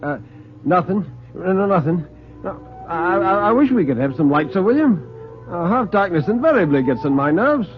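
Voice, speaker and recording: A man's voice: fairly high pitch, sing-song, drawn-out words, pauses often, soft background music, voice pushed up, exaggerated voice. A man voicing a panicky, guilt-ridden male dinner guest who stammers and breaks into shrieks. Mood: nervous. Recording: tinny old radio broadcast.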